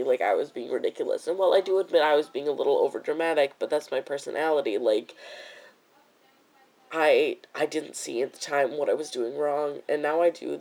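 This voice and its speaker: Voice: mid-range voice, vocal fry, a little mellow, poor audio. A vlogger venting in an upset, frustrated rant, rambling with many fillers. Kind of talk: emotional vlog rant.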